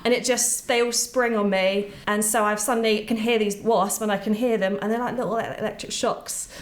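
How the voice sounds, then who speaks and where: A woman who works as a teacher, chatting on a blind date as an eager, lively storyteller. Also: mid-range voice, a little fast, reverberant. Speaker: teacher and dating show contestant. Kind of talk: casual chat.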